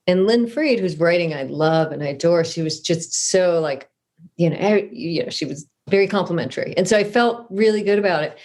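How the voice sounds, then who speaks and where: Chatty middle-aged woman, low voice. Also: fairly quick, darkish tone. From Southern California. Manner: chatty, self-deprecating, frequent restarts and "you know". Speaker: author guest. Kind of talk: conversational interview storytelling.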